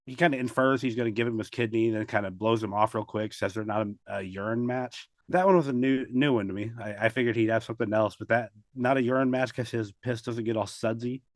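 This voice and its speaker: A man's voice: medium pitch, fairly even intonation, quick pace, few pauses, no echo, clean studio sound. A man co-hosting a casual movie review podcast, recapping the plot in a laid-back way with crude humor. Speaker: podcast co-host.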